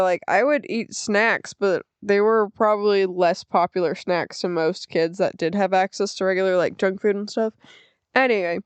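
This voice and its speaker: Smooth-voiced young woman rambling on a podcast. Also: medium pitch, no room sound. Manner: chatty, rambling, filler-heavy, self-deprecating. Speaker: podcast host. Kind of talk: casual solo podcast chat.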